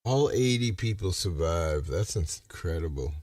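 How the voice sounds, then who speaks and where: A man's voice: low-pitched, expressive, measured pace, a little mellow, no echo, studio quality, far from the mic. A man from Massachusetts chatting on a casual livestream, rambling and ranting with a lot of swearing. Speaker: livestream host.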